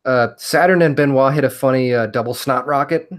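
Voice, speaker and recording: A man's voice: mid-range voice, a little fast. A man co-hosting a casual podcast, easygoing as he recaps wrestling matches. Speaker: podcast co-host.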